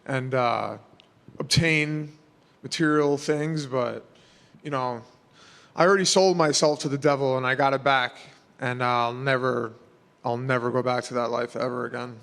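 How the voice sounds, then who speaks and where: A man's voice: mid-range voice, fairly even intonation, a little slow, gravelly, fairly bright tone, big-room sound. A man, answering press questions in a casual, rambling way full of fillers. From New York. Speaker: fighter.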